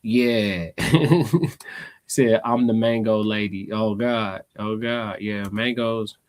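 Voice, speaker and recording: A man's voice: fairly low pitch, little pitch movement, slow pace, clear, resonant tone. A man hosting a live reaction show, talking casually in with slangy, laughing asides.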